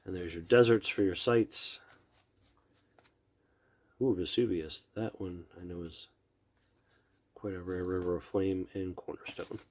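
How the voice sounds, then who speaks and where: A man's voice: low-pitched, steady tone, a little slow, pauses often, a little mellow, slight background noise. A middle-aged man giving casual unboxing commentary, murmuring card names and admiring the art, often trailing off mid-sentence. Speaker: card collector opening packs.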